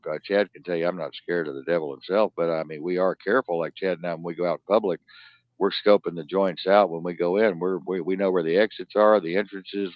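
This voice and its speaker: Deep-voiced profane man ranting. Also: dry recording. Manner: profane, swinging between loud outbursts and low muttering. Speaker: host of a news talk stream. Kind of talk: live-stream talk show rant. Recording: dull lo-fi dry sound.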